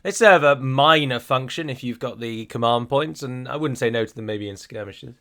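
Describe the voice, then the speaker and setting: An English man narrating his own playthrough of a strategy game. He talks casually at a middling pitch and drifts into chatty asides as he plays. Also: normal speed, fairly bright tone. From England. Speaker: gaming YouTuber. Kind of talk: let's play commentary.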